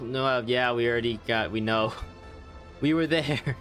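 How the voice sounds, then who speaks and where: A man's voice: medium pitch, a little slow, a bit bright, soft background music. A man chatting casually over gameplay, rambling and laughing often. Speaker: game streamer. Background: game audio.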